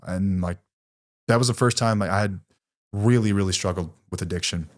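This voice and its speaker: A man's voice: low voice, brisk. A man in his thirties hosting a recovery podcast, telling a personal story in a candid, conversational way with fillers, self-corrections and some swearing. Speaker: podcast host.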